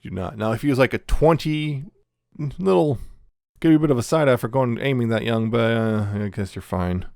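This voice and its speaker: A man's voice: medium pitch, creaky, darkish tone, no room sound, clean studio sound. A man co-hosting a casual podcast, rambling as he recaps anime plots. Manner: rambling, recaps plots with quick acted quotes and laughs. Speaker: podcast co-host. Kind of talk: casual chat reviewing anime.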